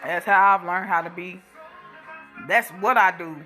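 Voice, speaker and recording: A woman's voice: fairly low pitch, steady tone, unhurried, bright, forceful tone, faint music behind. A woman vlogger talking straight to camera in a blunt, profane, fired-up rant. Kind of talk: casual monologue to camera.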